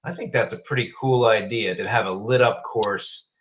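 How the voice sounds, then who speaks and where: A man's voice: on the low side, moderate pace, fairly bright tone. A man hosting a casual live video chat from home, rambling and often breaking off to scold his pets. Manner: rambling, scolding his cats mid-talk. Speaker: host. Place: home room. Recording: roomy lo-fi webcam audio.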